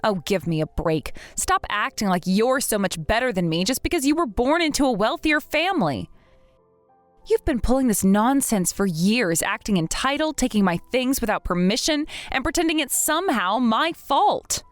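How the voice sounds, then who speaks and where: Woman as fed-up young woman, firm and indignant, lively pitch. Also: normal speed, dry recording, soft background music. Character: fed-up young woman confronting her rival. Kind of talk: text-message drama reading.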